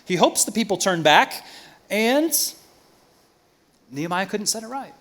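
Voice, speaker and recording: A man preaching a sermon as pastor in a church, swinging from loud emphasis to quiet asides. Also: sits high, lively intonation, a little slow.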